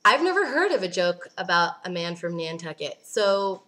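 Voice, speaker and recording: A woman's voice: lowish voice, big pitch swings, moderate pace, a bit bright. A young woman vlogging casually, ranting bluntly and sarcastically, swearing and laughing as she answers viewer questions.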